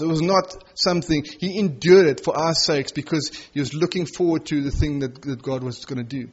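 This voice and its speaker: A middle-aged man preaching a sermon with passion, rising to loud emphasis and dropping to soft, tender asides. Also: fairly high pitch, fairly quick, few pauses, slightly rough, lo-fi sound.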